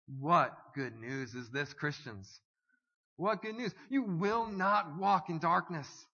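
A man preaching a sermon as pastor, swinging from hushed, slow lines to loud, stirring calls. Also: on the high side, husky. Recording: dull audio with long hall reverb.

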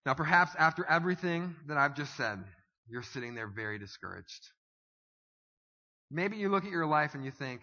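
A man preaching a sermon as pastor, swinging from hushed, slow lines to loud, stirring calls. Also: fairly high pitch, expressive. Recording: dull audio with long hall reverb.

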